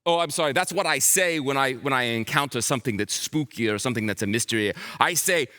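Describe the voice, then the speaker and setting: A man playing a bumbling, excitable detective for a children's Bible school, theatrical and playful, with dramatic exclamations. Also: mid-range voice, fast, lightly acted. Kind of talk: comic character acting for children.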